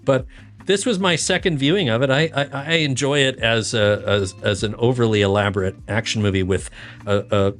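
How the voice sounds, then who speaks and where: A man's voice: mid-range voice, moderate pace, fairly bright tone, soft background music. A man as a podcast guest, giving a wry, blunt take on a film and swearing casually.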